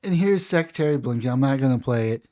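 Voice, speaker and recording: A man's voice: medium pitch, lively intonation, fast, dark tone. A man giving an opinionated political commentary monologue, reading news aloud and then ranting emphatically about it. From United States.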